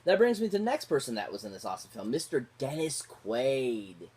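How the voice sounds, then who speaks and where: A man at a middle pitch talks through a film review in a casual vlog style. He gushes over every performer, reuses the same few favourite words of praise, and rambles along with fillers and restarts. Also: very animated, brisk, darkish tone, slightly rough. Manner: gushing, repeats favourite words. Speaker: movie reviewer.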